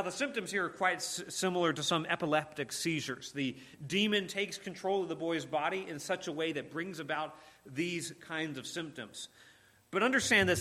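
Forceful, bright-voiced male preacher. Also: a little high. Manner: earnest, emphatic, with frequent repeated words and restarts. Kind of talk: sermon.

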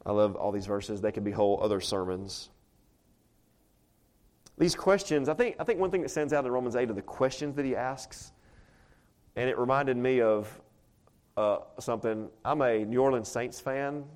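A man's voice: medium pitch, animated, normal speed, long pauses, a little mellow. A man preaching a sermon to a congregation in a chatty, conversational way, often asking rhetorical questions. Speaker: pastor. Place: church before a congregation.

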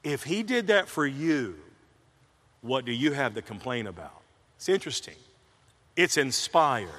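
A man's voice: medium pitch, sing-song, measured pace, fairly bright tone. A man preaching a sermon in an emphatic way, repeating key phrases and telling personal stories. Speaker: pastor. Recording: long reverb of a large hall.

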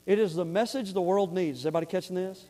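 A man's voice: high voice, racing, mellow. A man preaching a fervent sermon, repeating words and asking the congregation if they follow.

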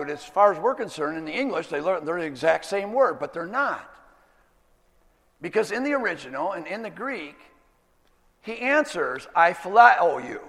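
High-voiced man preaching in a hall. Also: fairly bright tone. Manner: earnest, emphatic teaching with slowed stresses. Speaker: pastor. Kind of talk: sermon.

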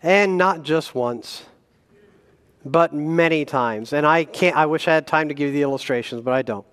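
Guest preacher, male, slightly high-pitched, animated delivery with self-mocking humor, church hall reverb. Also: moderate pace, smooth. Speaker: guest pastor. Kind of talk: sermon. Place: church sanctuary.

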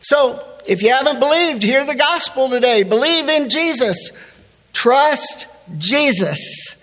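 High-voiced preaching man, slow and deliberate. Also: animated, a bit bright, in a large hall. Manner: preaching with rising emphasis, reading scripture aloud. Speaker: pastor. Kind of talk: sermon.

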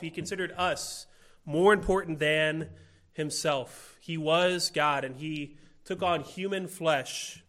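Male preacher, sermon delivery, earnest and emphatic, bright voice, slightly high pitch. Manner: earnest, rhetorical questions, slow emphatic phrasing.

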